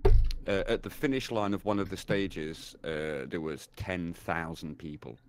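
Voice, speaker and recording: A man's voice: sits low, a little slow, noisy background. A man hosting a casual podcast, chatty and laid-back, swearing now and then. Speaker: podcast host.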